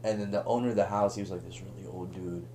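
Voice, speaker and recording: A young man telling a long story on a podcast in a casual, animated way, laughing and acting out the voices of the people in it. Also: sits low, fast talker, a little hiss or hum. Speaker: podcast guest.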